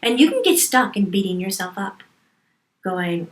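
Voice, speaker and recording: A woman's voice: mid-range voice, normal speed. A woman speaking as a medium in a channeled spiritual talk, stressing points by repeating words. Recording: roomy echo.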